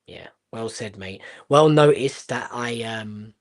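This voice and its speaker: A man from Portugal who speaks streams a live football watchalong. His voice sits at an ordinary middle pitch. He is blunt and excitable, firing off sudden exclamations and the odd swear word. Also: slow, hardly any pauses. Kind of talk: live match watchalong commentary.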